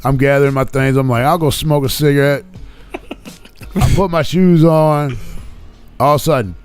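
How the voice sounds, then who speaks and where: A man's voice: mid-range voice, normal speed, clean tone, faint music behind. A man on a live podcast telling a rowdy story in casual chat, swearing often and acting out what people said. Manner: animated, profane storytelling, acts out quoted lines. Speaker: podcast co-host.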